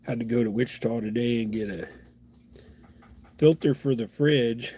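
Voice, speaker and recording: A man's voice: mid-range voice, normal speed, warm tone, slightly rough. A middle-aged man with a stuffed-up nose, chatting in a folksy, rambling way while hosting a live fly-tying stream. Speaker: fly-tying livestream host.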